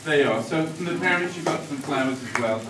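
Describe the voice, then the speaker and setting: A man's voice: on the high side, brisk. A man on a school stage thanking the audience after a play, chatty, self-mocking and laughing often. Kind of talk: joking stage thank-you speech. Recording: echoey hall, mic far off, loud crowd and noise.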